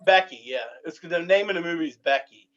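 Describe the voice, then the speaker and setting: A man's voice: on the high side, brisk, fairly bright tone. A drunk man chatting casually and profanely on a podcast, rambling and restarting. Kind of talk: casual chat. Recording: lo-fi audio.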